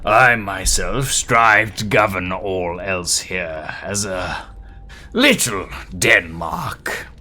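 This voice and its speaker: A man's voice: low-pitched, expressive, extremely slow, pushed and bright, full character voice. A man voicing an elderly, guarded grandfather who heads his family, speaking in a formal, old-fashioned way with a put-on accent.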